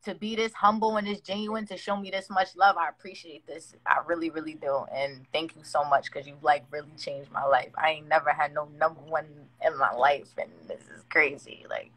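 A woman's voice: low voice, steady tone, a little fast, hardly any pauses, a bit bright, rough recording. A woman who is a guest on a phone live stream, talking in a casual, effusive and gushing way.

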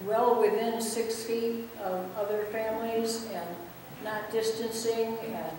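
Woman pastor, calm and measured, recorded from a distance in a roomy church with a long reverb. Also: fairly high pitch. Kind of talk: prayer and church announcements. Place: church sanctuary. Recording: echoey church hall, distant mic, faint noise.

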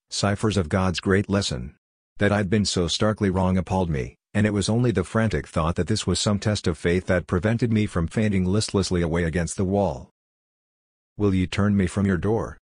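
A man narrating a scripted horror story in a measured, solemn first-person telling. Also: low-pitched, no echo, clean studio sound.

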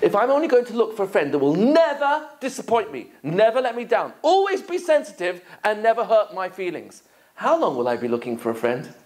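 A rabbi from England giving a lively lecture to an audience, asking many rhetorical questions. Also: male voice, sits high, a little fast.

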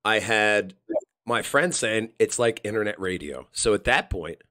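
A man's voice: fairly low pitch, lively intonation, a little slow, bright, forceful tone. A man, hosting a podcast and telling stories in casual chat, acting out quotes in shifting voices. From Philadelphia area. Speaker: podcast host.

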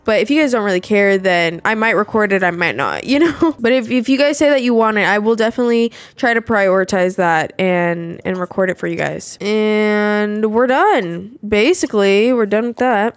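A woman's voice: medium pitch, dry recording. A young adult woman giving casual gameplay commentary, chatty and exclamatory, swearing and laughing often. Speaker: gameplay video creator.

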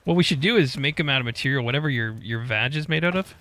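A man's voice: medium pitch, fast talker, fairly bright tone, a little hiss or hum. A man streaming a co-op survival game, joking crudely with his partner and reading viewer chat aloud. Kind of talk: casual co-op gameplay chat.

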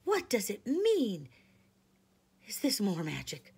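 A woman reading aloud and voicing Susan, a fearful girl with a shaky, hushed voice. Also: mid-range voice, lively intonation, moderate pace, creaky, breathy edge, pitched above the performer's own voice, exaggerated voice. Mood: anxious.

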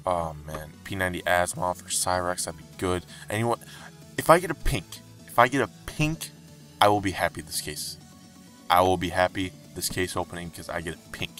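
A young man commenting as he opens game cases, frustrated and pleading, breaking into high outbursts. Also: lively intonation, normal speed, a bit bright, soft background music. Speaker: gaming YouTuber. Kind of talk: game case-opening commentary.

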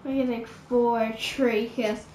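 A woman's voice: on the high side, fairly even intonation, very slow, dark tone, a little hiss or hum. A woman giving casual game commentary, rambling and exasperated, with lots of filler words. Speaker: gamer. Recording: roomy echo with game music. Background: game music.

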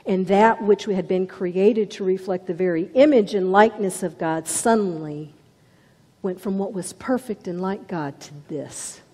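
A woman's voice: mid-range voice, mellow, slightly rough, long reverb tail. A woman preaching a sermon with dramatic storytelling, dropping to whispers for emphasis. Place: church.

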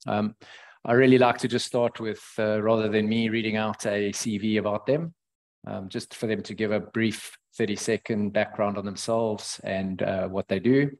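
A man with a South African accent hosting an online finance webinar, talking haltingly with many fillers and restarts. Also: lowish voice, flat delivery. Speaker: webinar host and financial planner. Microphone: headset.

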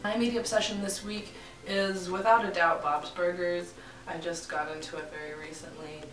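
A woman's voice: on the low side, steady tone, moderate pace, fairly bright tone. A woman co-hosting a comedy chat show, playfully spinning absurd stories. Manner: playful, spins absurd revenge fantasies. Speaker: co-host. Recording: roomy and distant, music behind. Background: music.

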